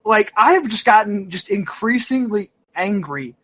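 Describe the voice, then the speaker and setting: A man with a fairly high voice on a casual gaming podcast chat. His tone is bright and forward, and he rambles through fillers and restarts. He tells animated, self-mocking stories. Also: normal speed, slight background noise. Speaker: podcast co-host.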